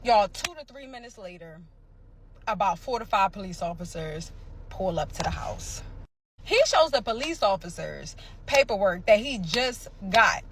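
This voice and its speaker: A woman from the area, telling a dramatic personal story in a casual, animated way. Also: medium pitch, moderate pace, a little hiss or hum. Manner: animated, dramatic retelling with sound effects and quoted voices.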